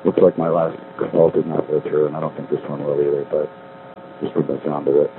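A man's voice: rumbling low, monotone, fairly quick. A middle-aged man calling from a street payphone, rambling wryly and correcting himself as he talks. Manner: meandering, self-correcting, wry. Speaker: caller leaving a spoken diary. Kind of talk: rambling casual monologue. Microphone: payphone handset. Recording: tinny payphone line with faint street noise.

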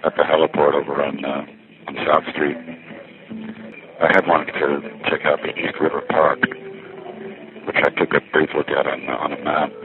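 A man's voice: a bass voice, a little hiss or hum. A man musing and meandering as he walks through a busy city, recording himself on a phone and a little winded. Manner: musing, meandering, self-interrupting. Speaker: vlogger. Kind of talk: rambling walking vlog. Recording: tinny phone-like recording with faint music.

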